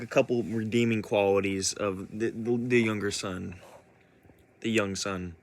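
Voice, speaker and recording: A man's voice: on the low side, steady tone, moderate pace, vocal fry, very noisy. A man giving a casual spoken monologue as a vlogger, rambling with many restarts.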